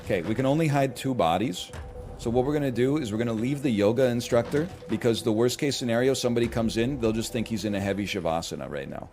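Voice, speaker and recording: A man's voice: medium pitch, fast, darkish tone, faint music behind. Sarcastic, foul-mouthed male streamer. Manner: sarcastic, profane, ranting. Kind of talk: casual gaming stream chat.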